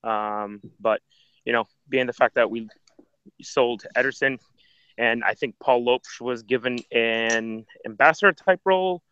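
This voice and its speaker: A man's voice: medium pitch, measured pace, a bit bright, clear, resonant tone. A man co-hosting a casual football podcast, giving his views hesitantly with many ums and you-knows. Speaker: podcast co-host. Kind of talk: casual chat. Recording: dry, dull lo-fi line.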